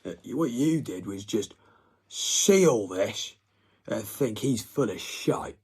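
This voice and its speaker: Husky man in a profane rant. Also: lowish voice, expressive, slow pace, pauses often. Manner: swings from hushed whispers to loud outbursts, heavy swearing.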